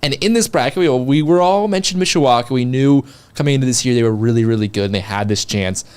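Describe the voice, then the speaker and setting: A man's voice: mid-range voice, fast talker, a little mellow, clear, resonant tone. A man co-hosting a local sports show, easygoing and a little hesitant, often restarting his sentences. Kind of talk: casual sports talk.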